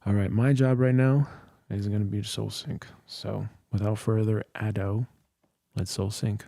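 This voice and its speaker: This livestream host sounds tired as he chats casually and thinks aloud into a close studio dynamic mic. His somewhat low, mellow voice has vocal fry and a flat delivery at normal speed, with no room sound.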